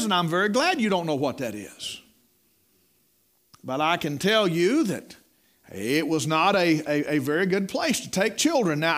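A man's voice: sits high, a bit bright. A middle-aged man preaching a sermon in a folksy storytelling way, repeating words and calling listeners "my friend.".

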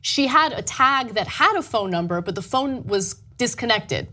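Woman, casual podcast chat, earnest, emotional, somewhat high-pitched. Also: animated, normal speed, bright, forceful tone. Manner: earnest, emotional, lots of agreeing backchannels.

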